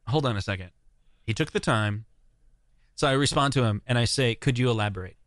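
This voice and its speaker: A man talks through a podcast chat in a lively storyteller's way, acting out the lines of people he quotes. His voice sits at an everyday middle pitch, and the recording is dry and close with no room sound. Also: no room sound. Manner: animated storyteller, acts out quoted comments. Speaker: guest, YouTuber. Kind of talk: casual podcast conversation. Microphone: remote recording mic.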